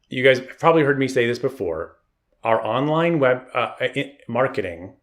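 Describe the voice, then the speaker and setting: A man coaching photographers in a live online webinar, energetic and encouraging, with tough-love advice and chat shout-outs. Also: medium pitch. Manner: reads chat comments aloud. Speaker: marketing coach. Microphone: online video call.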